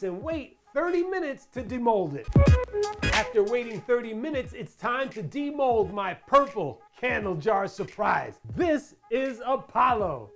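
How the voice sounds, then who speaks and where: Playful crafting host, chatty tutorial voice-over, quizzes the viewers, soft music underneath. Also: mid-range voice. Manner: playful, talks to viewers with asides and rhetorical questions.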